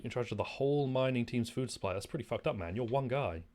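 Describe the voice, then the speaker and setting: A man streaming gameplay talks quickly in a mid-range voice, his casual commentary wandering and lively. Profanity comes often.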